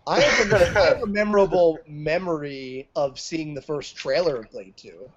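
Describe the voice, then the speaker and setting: A man on a casual movie podcast, telling stories in an animated way. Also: fairly high pitch, moderate pace, muffled recording. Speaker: podcast co-host.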